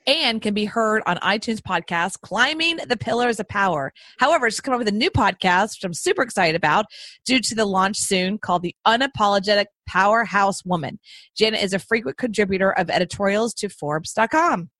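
A woman's voice: medium pitch, expressive, a little fast, fairly bright tone, no room sound. A woman podcast host chatting with a guest in a bubbly, enthusiastic, rambling way. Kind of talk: casual interview chat. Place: Austin.

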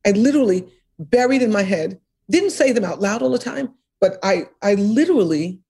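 A woman's voice: mid-range voice, dark tone, breathy edge. An older woman being interviewed, talking earnestly and emphatically about her past, often repeating phrases and laughing between thoughts. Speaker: interview guest, author. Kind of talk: reflective interview conversation.

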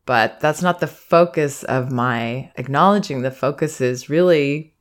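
A woman parenting educator giving calm, reflective advice in a monologue, sometimes acting out soothing phrases meant for a child. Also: very deep voice, a little slow, few pauses. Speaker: parenting educator and podcast host.

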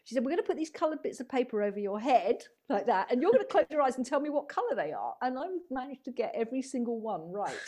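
A woman's voice: a little high, very animated, quick pace, hardly any pauses, mellow. A middle-aged woman, a psychotherapist and healer, talks reflectively in a rambling, storytelling way and acts out the voices she quotes. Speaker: guest, psychotherapist and spiritual healer. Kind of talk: conversational storytelling interview.

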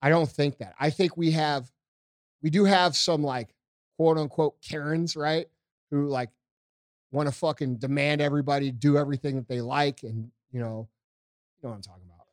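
A man co-hosting a podcast, talking politics in a blunt, profane, animated way. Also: a little high, moderate pace, dry recording, clean studio sound. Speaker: podcast co-host. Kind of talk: casual political chat.

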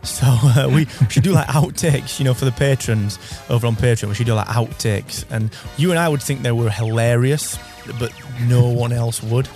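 A man's voice: medium pitch, normal speed, few pauses, soft background music. Giggly man in his thirties. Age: 30s. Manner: excitable, giggly, voice cracks upward. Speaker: podcast co-host. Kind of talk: casual podcast chat. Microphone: studio podcast mic.

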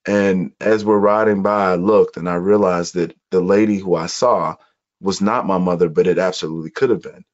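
A man from Chicago, a guest telling his life story in an earnest, reflective conversation with measured pauses. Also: sits low, fairly even intonation. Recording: muffled, dull audio.

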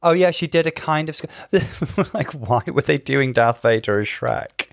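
A man's voice with lively, wide-ranging pitch keeps a casual chat moving. He teases his co-host and prompts him with questions. The recording is dry and close. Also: unhurried, gravelly, no echo.

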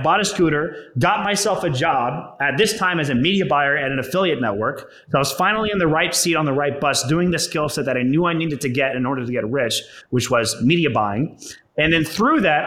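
A young man with a slightly high-pitched voice tells his personal story bluntly, swearing freely and filling his speech with casual asides. The sound is roomy, with a noticeable echo. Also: a bit bright. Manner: profane, blunt, conversational, peppered with "like" and "right?". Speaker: entrepreneur telling his story.

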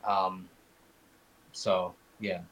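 A man's voice: sits low, flat delivery, extremely slow, fairly bright tone, highs cut off. Rambling man telling a casual story. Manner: rambling, many fillers and restarts. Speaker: podcast guest. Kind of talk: casual chat.

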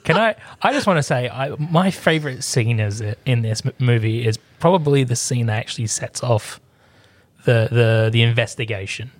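A man's voice: mid-range voice, animated, normal speed, no echo. Opinionated man, dry close sound. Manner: opinionated, hesitant restarts. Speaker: film review podcast co-host. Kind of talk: casual chat.

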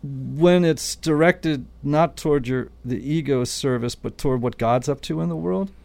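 Gravelly reflective man explaining. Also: fairly high pitch, normal speed, darkish tone. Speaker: podcast guest, Enneagram teacher. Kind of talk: casual podcast conversation.

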